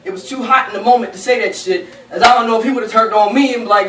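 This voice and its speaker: A young woman casually telling a funny story to friends, animated and profane, often laughing as she talks. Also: a little high, fast talker. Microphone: camera held by a friend. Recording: roomy sound from a distant camera, faint noise.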